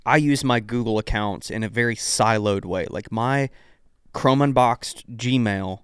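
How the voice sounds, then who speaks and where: A man's voice: mid-range voice, unhurried, clear, resonant tone, no echo, clean studio sound. A congested man co-hosting a casual tech podcast, easygoing and agreeable, often repeating words. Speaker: podcast co-host.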